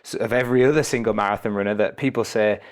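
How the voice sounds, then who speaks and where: A man with a lowish voice hosts a running podcast. He talks as a coach, thinking aloud in a conversational way with small repeats. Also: fairly even intonation, very fast. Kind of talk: podcast interview.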